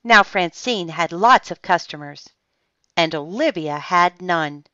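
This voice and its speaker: Slow expressive woman storyteller. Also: fairly low pitch, no echo. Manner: expressive, unhurried narration. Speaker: storybook reader. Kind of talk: reading a children's picture book aloud. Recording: dull dry lo-fi sound.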